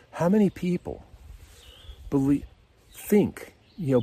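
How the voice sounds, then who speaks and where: Earnest man with a lively, unhurried voice. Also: medium pitch, breathy edge. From United States. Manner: conversational, earnest, encouraging. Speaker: podcast host, devotional speaker. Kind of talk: informal devotional talk.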